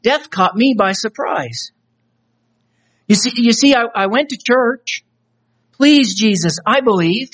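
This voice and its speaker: A man's voice: extremely high pitch, lively intonation, takes it slowly, pauses often, a bit bright, voice pushed up, full character voice. A man voicing a young man who has just died, begging tearfully and stammering to be let into heaven. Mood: desperate pleading. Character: young man newly dead, desperately pleading at heaven's gate.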